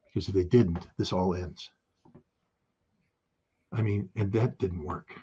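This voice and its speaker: A man giving impassioned spoken commentary, emphatic and forceful, hammering home key phrases by repeating them. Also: on the low side, fairly quick, pauses often, slightly rough, highs cut off. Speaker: political commentator.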